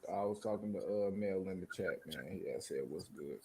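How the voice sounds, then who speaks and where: A man co-hosting a podcast, chatting casually in brief, quiet interjections. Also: deep voice, normal speed, breathy edge. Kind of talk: casual chat.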